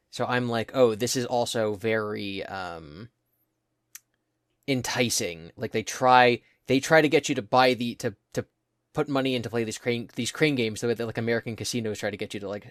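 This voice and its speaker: A young man in an easygoing podcast chat, his voice dry and close to the mic with no room sound. He drawls words out slowly for emphasis, then speeds up again. His pitch sits in the middle for a man. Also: no room sound. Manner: easygoing, drawls words out when making a point. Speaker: podcast co-host. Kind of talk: casual storytelling chat.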